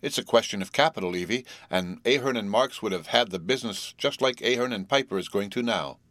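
A man's voice: lowish voice, fairly quick, a bit bright, no room sound, natural voice. A man playing a jovial, slightly tipsy middle-aged businessman who talks in a hearty, coaxing, stubborn way.

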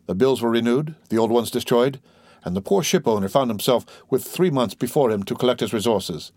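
A man's voice: medium pitch, fairly quick, darkish tone, dry recording. A man reading a classic novel aloud as an audiobook narrator, evenly and steadily. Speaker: audiobook reader. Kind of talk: scripted narration.

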